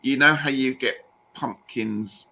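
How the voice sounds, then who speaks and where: A man's voice: mid-range voice, takes it slowly, creaky, bright, forceful tone, poor audio. A British man from the UK hosting a live tarot stream, chatty and self-deprecating in casual conversation. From United Kingdom. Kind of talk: casual chat.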